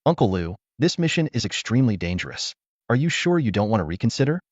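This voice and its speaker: A man's voice: fairly low pitch, big pitch swings, quick pace, no echo, dull audio. A man voicing a polite, earnest young male beast tamer with a courteous manner.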